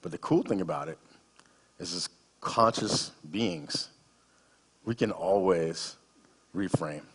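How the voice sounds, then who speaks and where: A man's voice: sits low, slow, fairly bright tone, slightly rough, in a large hall. A man in his fifties, a guest speaker giving a sermon in a conversational, humorous storytelling manner.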